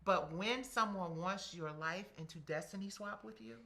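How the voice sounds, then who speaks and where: A middle-aged woman telling a story as an interview guest, animated and blunt, acting out what others said. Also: medium pitch, moderate pace, creaky. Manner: animated, quotes people in acted voices, swears freely.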